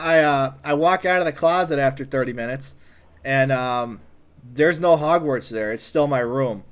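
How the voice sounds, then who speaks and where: A man telling a comedic personal story, animated, acting out other people's lines in a raised voice. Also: on the high side. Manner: animated, acts out quotes in a raised voice.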